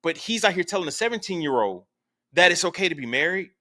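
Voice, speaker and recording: Middle-aged male co-host, bright tone, easygoing storyteller. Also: high voice, sing-song, fast talker. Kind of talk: casual chat.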